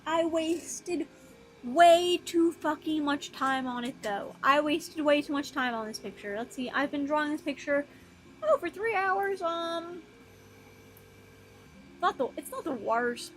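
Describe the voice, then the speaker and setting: A young woman streaming while she draws, rambling softly and casually, swearing now and then and talking to her drawn characters. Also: unhurried, slight background noise, poor audio. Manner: soft, low-key, mumbling, with casual swearing.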